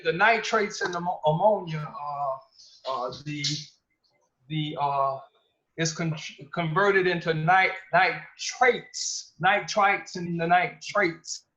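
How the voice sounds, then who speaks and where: A man presenting at a gardening workshop, talking haltingly with many fillers and polite "yes ma'am"s. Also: a little high, bright, forceful tone. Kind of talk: casual explanation. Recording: dull lo-fi audio.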